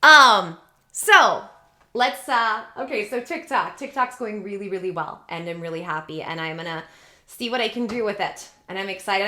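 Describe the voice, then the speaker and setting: A woman talking to her audience in a casual, rambling vlog. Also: medium pitch. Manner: chatty, rambling, animated. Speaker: vlogger. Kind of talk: casual vlog talk to camera. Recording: echoey room.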